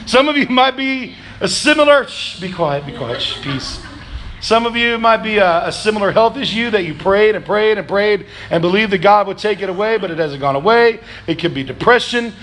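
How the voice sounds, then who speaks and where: A man pastor preaching a sermon in a church, calling for answers from the congregation, swinging between loud, shouted pleas and low, quiet reflection. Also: brisk, hardly any pauses. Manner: preaching with call-and-response, rising to shouts then dropping low. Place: church sanctuary.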